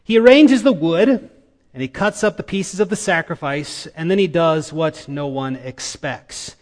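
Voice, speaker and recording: High-voiced male preacher in a reverberant hall. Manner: dramatic storytelling with emphatic pauses. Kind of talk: sermon.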